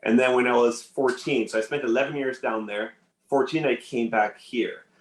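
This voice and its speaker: A man's voice: mid-range voice, steady tone, normal speed, reverberant, poor audio. A man whose first language is French, who grew up in Nigeria and Canada, telling his life story as a podcast guest and acting out the voices of people he quotes. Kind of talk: casual storytelling interview.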